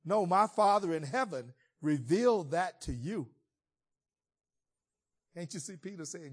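A man's voice: on the high side, expressive, measured pace, long pauses, slightly rough. A man preaching a sermon as a pastor, retelling scripture in a conversational, colloquial storytelling way.

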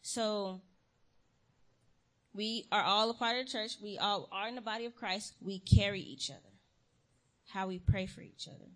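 A woman's voice: medium pitch, moderate pace, pauses often. A young adult woman giving a casual sermon to her church, telling stories with slang and acting out quotes. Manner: lively storytelling with slang and acted quotes. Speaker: church speaker.

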